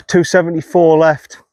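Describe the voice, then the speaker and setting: Speaking slowly and flatly in a fairly high voice, a man vlogs his round of golf outdoors with chatty, self-deprecating remarks, muttering to himself after bad shots. No room sound is audible.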